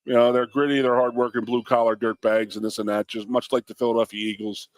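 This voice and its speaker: A man's voice: mid-range voice, little pitch movement, fast, no room sound. A man co-hosting a sports radio show, telling blunt stories in casual banter. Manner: gruff storyteller, mimics voices, blunt. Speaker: co-host, former college football lineman.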